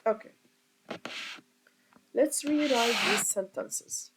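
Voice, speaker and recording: Slow, deliberate woman teaching grammar. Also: fairly high pitch, background noise. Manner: slow, deliberate, asks rhetorical questions. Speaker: English teacher. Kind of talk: recorded grammar lesson.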